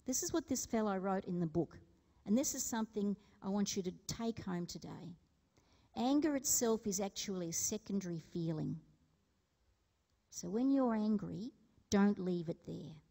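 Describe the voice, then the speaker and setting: A woman's voice: medium pitch, mellow, long reverb tail. A woman giving a conversational sermon, telling stories and asking the congregation questions. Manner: storytelling, asks the congregation questions. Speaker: preacher. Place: church hall.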